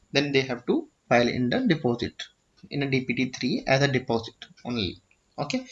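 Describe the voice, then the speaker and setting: A man's voice: medium pitch, a bit bright. A man with an Indian English accent explaining a government filing form step by step. He often checks in with "okay?" and restarts his sentences. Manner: repeats "okay?" to check understanding, with frequent restarts. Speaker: tutorial presenter. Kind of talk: explanatory screen-share tutorial. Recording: dull lo-fi audio.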